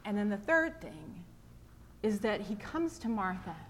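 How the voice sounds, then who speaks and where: A woman preacher giving a sermon, telling a story in a conversational, animated way. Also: mid-range voice, unhurried, a little hiss or hum.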